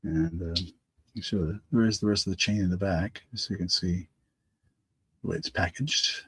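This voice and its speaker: A middle-aged man runs a live auction stream with a lowish, husky voice that sounds congested. He rambles, restarts his sentences and chats to viewers by name. The sound is close and dry. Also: moderate pace, a bit bright, no echo. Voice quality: slightly raspy. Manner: rambling, self-correcting, talks to chat viewers by name. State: congested from allergies.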